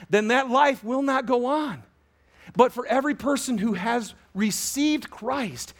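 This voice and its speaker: High-voiced man preaching with passion. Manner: animated preaching, swinging from loud emphasis to hushed, drawn-out words. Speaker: pastor. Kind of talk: sermon. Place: church auditorium with a congregation.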